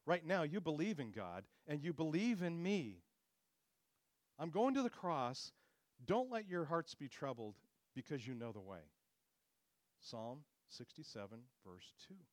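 A man's voice: a little high, big pitch swings, a little slow, dry recording, clean studio sound. A man preaching a sermon with earnest, expository delivery, lifting his voice when he quotes scripture.

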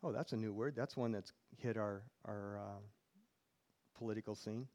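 A man's voice: lowish voice, fairly even intonation, normal speed, darkish tone, muffled recording. A male pastor preaching a sermon in church, reading scripture aloud and putting questions to the congregation.

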